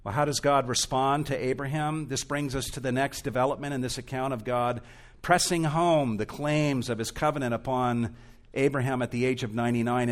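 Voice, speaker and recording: A male pastor preaching an expository sermon in a church, earnest and emphatic, rising and falling in intensity. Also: medium pitch.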